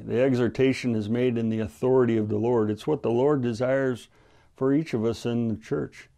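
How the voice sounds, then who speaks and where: A man preaching a radio Bible study with a gravelly, mellow voice. He talks in an earnest, measured way, pausing often as he explains scripture. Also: mid-range voice. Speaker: pastor.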